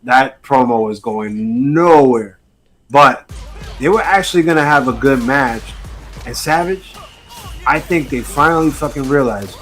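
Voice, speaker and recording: A man's voice: medium pitch, unhurried, fairly bright tone, faint music behind. A man co-hosting a casual wrestling podcast, giving blunt, heated, profane opinions. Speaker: podcast co-host.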